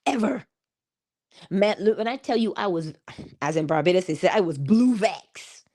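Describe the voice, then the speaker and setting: A woman's voice: lowish voice, animated, normal speed, warm tone. A woman giving a morning inspirational talk, with preacherly calls and frequent laughter. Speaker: motivational speaker.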